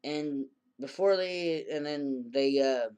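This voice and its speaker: A man's voice: a little high, takes it slowly, darkish tone, clean tone. A man casually recapping an anime episode in a rambling way, acting out the characters' lines in a raised voice. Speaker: anime reviewer.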